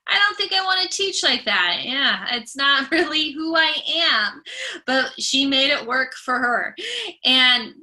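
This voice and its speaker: A woman's voice: on the high side, sharp tone. A young adult woman giving a recorded classroom lecture, speaking with a stutter and repeating the starts of words. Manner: stutters with part-word repetitions.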